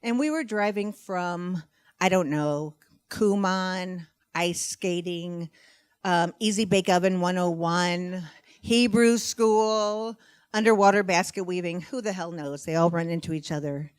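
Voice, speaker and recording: A middle-aged woman performing stand-up comedy, telling stories about motherhood in an animated, self-mocking, conversational way. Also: on the low side, measured pace, clear, resonant tone, no echo. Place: stage before a live audience.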